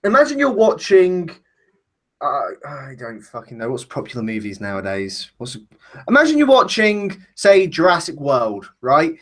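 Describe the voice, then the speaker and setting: A man with a high, very lively voice leads a loose wrestling discussion. He rants, swears freely and jumps around in pitch as he makes his points. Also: normal speed. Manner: profane, ranting. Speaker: podcast host.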